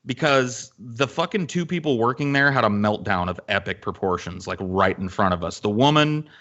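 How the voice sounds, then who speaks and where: A man hosting a podcast, telling a story in a casual, animated and profane way with lots of fillers. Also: on the low side, moderate pace, muffled recording. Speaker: podcast host.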